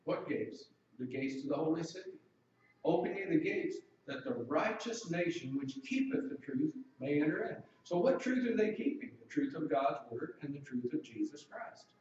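Man, preacher, sermon, slightly high voice, asks the congregation questions, faint ambience. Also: very animated, moderate pace, a little mellow, heavy reverb, far from the mic, dull audio, a little hiss or hum.

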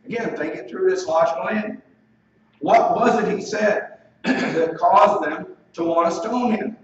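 A man preaching a sermon, pressing his point with rhetorical questions and slowing down for scripture and key lines. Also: a little high, slight background noise. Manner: emphatic, asks rhetorical questions. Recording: very echoey room, distant mic, dull lo-fi sound.

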